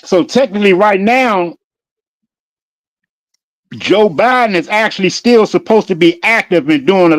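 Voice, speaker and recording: A man's voice: high-pitched, dry recording. A man hosting a live stream in casual chat, laid-back as he agrees and greets listeners. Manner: laid-back, gives shout-outs. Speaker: stream host.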